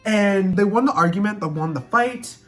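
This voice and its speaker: A woman's voice: medium pitch, moderate pace, faint music behind. A young woman casually explaining slang words to her viewers, playful and dramatic, acting out her own examples. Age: young adult. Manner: playful, dramatic, slips into sing-song quoting.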